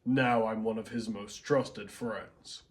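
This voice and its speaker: A man's voice: lowish voice, fairly even intonation, takes it slowly, voice pushed down. A man voicing Piccolo, stern alien warrior. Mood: proud. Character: stern, proud male alien warrior mentor.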